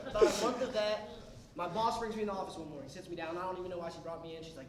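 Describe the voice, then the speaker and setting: Young dude doing standup, rambly, high voice, crowd cracking up in an echoey club. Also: male voice, fast, recorded from a distance. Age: young adult. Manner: rambling storytelling with restarts and asides. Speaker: stand-up comedian. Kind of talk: stand-up comedy set. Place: comedy club stage. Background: audience laughter.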